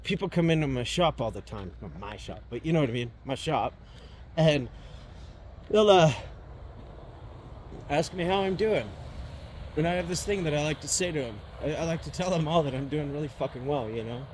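A man's voice: on the high side, moderate pace, pauses often, a little mellow, slight background noise. A man giving a personal monologue, talking bluntly and swearing often, with sudden emphatic swells.

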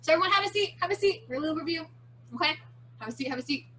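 A woman's voice: very high-pitched, animated, rapid-fire, a bit bright, slight background noise. A teenage girl leading a daily challenge for a virtual kids' martial arts class, playful and chatty, explaining each step over a video call. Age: teen.

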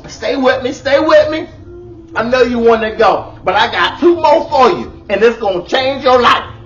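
A man's voice: extremely high pitch, animated, moderate pace, fairly bright tone, highs cut off, faint music behind. A middle-aged man, doing a comedic monologue of relationship advice, exclaiming and hamming it up in a bold persona.

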